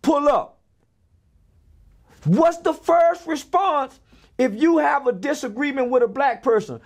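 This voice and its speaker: Gravelly guy going off in a podcast interview, voice jumping all over, blunt and preachy. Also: very high voice, lively intonation, slow, long pauses. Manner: blunt, preachy, fires off rhetorical questions. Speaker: interview guest.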